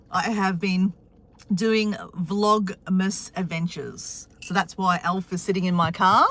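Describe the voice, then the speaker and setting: A woman's voice: medium pitch, fairly bright tone. A woman with an Australian accent chatting casually on a live stream from her car, greeting viewers by name.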